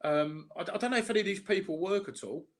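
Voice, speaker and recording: Cockney man, South London, casual livestream chat, stammering restarts, swears freely, a bit high-pitched. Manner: halting, repeats words, blunt and sweary.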